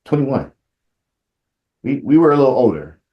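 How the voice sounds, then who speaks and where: A man who is a police sergeant and grew up in Compton, talking casually in an interview, relaxed and reflective, getting animated as he tells a story. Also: mid-range voice, moderate pace, roomy sound, dull audio. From Compton, California. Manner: relaxed storyteller, grows animated and laughing when telling the story.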